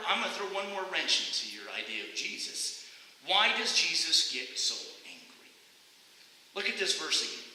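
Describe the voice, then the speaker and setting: Lively male pastor, bright ringing voice, echoey sanctuary with a faint hiss. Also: sits high. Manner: animated, conversational preaching with rhetorical questions. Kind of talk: sermon. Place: church sanctuary.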